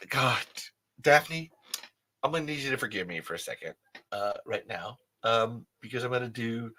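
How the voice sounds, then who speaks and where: A man hosting a podcast chats with listeners and reads their comments casually, rambling, affectionate, swearing and restarting his sentences. His medium-pitched voice moves at normal speed and sounds pushed and bright.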